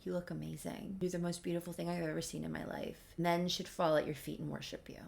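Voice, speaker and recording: A woman voicing a devoted, supportive young man who speaks softly and earnestly in a casually told soap story. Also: on the low side, animated, moderate pace. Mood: gushing.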